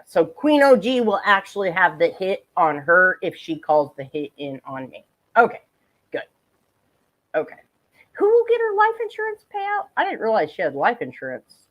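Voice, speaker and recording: A woman streaming live, commenting on a clip with sarcastic, giggly and profane remarks. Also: mid-range voice. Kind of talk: casual livestream commentary.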